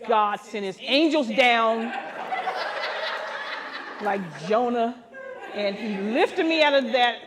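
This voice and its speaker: A woman pastor telling comic stories to a live gathering, animated and jumping into high voices for the people she quotes. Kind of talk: comic storytelling to a live audience. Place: women's gathering with a laughing audience. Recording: live event with audience laughter.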